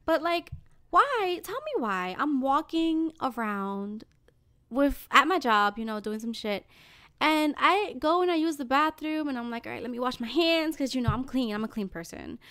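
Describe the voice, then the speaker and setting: Animated, high-voiced young woman storyteller. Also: moderate pace. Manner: animated storytelling, swears a lot, loud bursts. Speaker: podcast co-host. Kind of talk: casual podcast chat.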